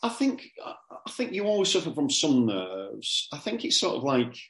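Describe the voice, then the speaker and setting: Brief: middle-aged male comic, lively chat with restarts, roomy echo. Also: mid-range voice, moderate pace. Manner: animated, repeats words when starting sentences. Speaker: comedian guest. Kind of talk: casual interview chat.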